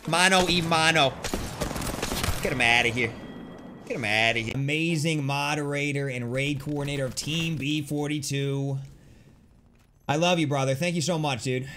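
A young man streaming a shooter game, trash-talking opponents and cheering his own plays with brash, excited commentary. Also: fairly high pitch. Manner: brash trash talk with excited yelps and laughs. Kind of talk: live gameplay commentary. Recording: noisy game audio behind voice. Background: gunfire from the game.

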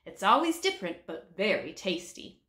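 A woman reading aloud and voicing an easygoing, blunt male hobo in a flat, matter-of-fact way. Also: mid-range voice, normal speed. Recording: roomy echo.

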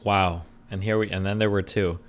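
A man hosting a casual streamed elimination show, joking loudly and swearing freely. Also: deep voice, steady tone, moderate pace, soft background music. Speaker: show host.

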